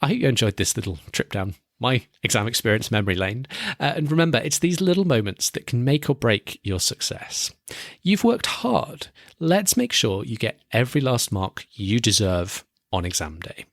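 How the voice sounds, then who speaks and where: A man's voice: mid-range voice, very animated, moderate pace, no room sound, studio quality. A young man hosting a study podcast, giving earnest, encouraging exam advice in scripted narration. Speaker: podcast host and exam coach.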